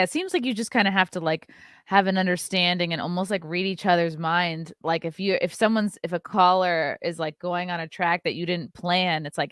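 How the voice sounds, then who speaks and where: A woman hosts a casual podcast, reacting with amusement to her guests' stories and asking them questions. Her voice is smooth and resonant and sits slightly low. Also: fairly bright tone, dry recording, studio quality. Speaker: podcast host.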